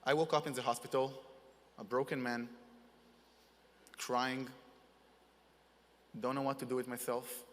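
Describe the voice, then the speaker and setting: A young man giving a halting, earnest personal testimony in as a wounded soldier receiving an award. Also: mid-range voice, flat delivery, a bit bright. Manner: halting, earnest, in non-native English. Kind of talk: emotional personal testimony speech. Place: large conference hall. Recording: reverberant conference hall.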